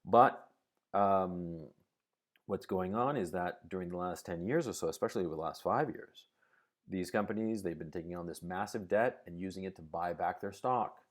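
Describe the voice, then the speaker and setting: Speaking at normal speed in a deep voice, a male livestreamer rants about politics and the economy, swearing a lot. Everyday examples carry his explanations, he throws in sarcastic mock quotes, and he keeps checking in with his audience.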